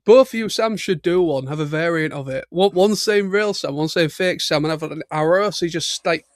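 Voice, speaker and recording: A high-pitched British man hosts a relaxed livestream chat, telling stories loosely, with lots of restarts and laughter in his delivery. The recording is close and dry, with no room sound. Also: fairly quick, dry recording. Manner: chatty storytelling with laughs and restarts. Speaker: livestream host. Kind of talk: casual chat.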